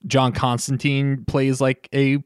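A man's voice: medium pitch, monotone, takes it slowly, smooth, dry recording, studio quality. A young man co-hosting a casual movie-review podcast, rambling and swearing with many "like" fillers. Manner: rambling, profane, filler-heavy, lots of "like". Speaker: podcast co-host.

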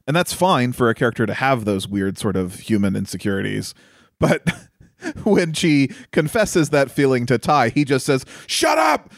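Man, podcast co-host, incredulous and laughing, dry close mic, mid pitch. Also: lively intonation, normal speed, no room sound. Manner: chatty, laughs often, incredulous. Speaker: podcast co-host reviewing a film. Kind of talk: casual review chat.

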